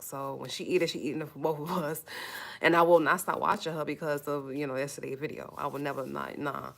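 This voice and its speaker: A woman's voice: sits low, gravelly. A woman hosting a casual livestream, speaking to her viewers in an earnest, emotional way, repeating phrases and holding back tears. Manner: earnest, pleading, conversational. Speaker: YouTube livestream host.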